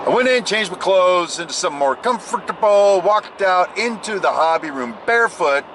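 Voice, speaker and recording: Animated man telling a jokey story. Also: sits high, moderate pace, slight background noise. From United States. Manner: animated, jokey, swings into loud exclaims and mimicked voices. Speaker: vlogger. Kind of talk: casual storytelling vlog.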